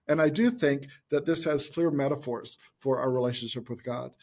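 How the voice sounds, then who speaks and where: Husky-voiced man giving reflective Bible teaching. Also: mid-range voice, a little mellow. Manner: reflective, thinking aloud. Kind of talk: informal Bible teaching talk.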